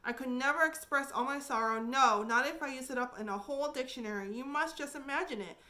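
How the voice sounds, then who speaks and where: Lady doing a dramatic little orphan girl, high bright voice, pleads all earnest. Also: brisk. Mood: pleading. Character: eager dramatic orphan girl, talkative and emotional.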